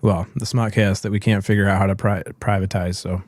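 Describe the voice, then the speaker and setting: A man's voice: deep voice, flat delivery, fairly quick, darkish tone, no room sound, clean studio sound. A man hosting a casual podcast, joking around and reading chat comments aloud. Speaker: host.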